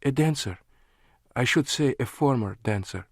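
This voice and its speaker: A man's voice: mid-range voice, animated, normal speed, no room sound, pitched above the performer's own voice, close to an everyday voice. A male narrator voices a fiery young Russian woman in a spy thriller audiobook, her voice lifted well above his own and swinging wide with feeling. She turns from tender to sarcastic and incredulous, her words set in a dry, close studio sound.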